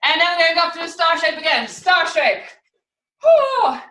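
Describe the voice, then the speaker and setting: High bright woman coaching kids from afar. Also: fast talker, a little hiss or hum. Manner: encouraging, counts and calls out moves, makes animal sounds. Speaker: children's acrobatics teacher. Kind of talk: online movement class for children. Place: room at home, video class. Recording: echoey room, distant from the mic.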